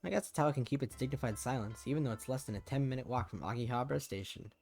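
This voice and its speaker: A man's voice: mid-range voice, racing, vocal fry, a little mellow. Man reading a visual novel aloud on stream, plain mid voice, loose and casual, a bit of music behind. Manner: casual reading with swearing asides.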